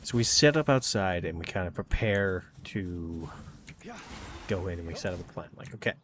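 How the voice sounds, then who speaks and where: A man's voice: deep voice, normal speed, slight background noise. A man casually recounting a tabletop game session, rambling and filling with "kinda" and "like". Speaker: gaming channel host.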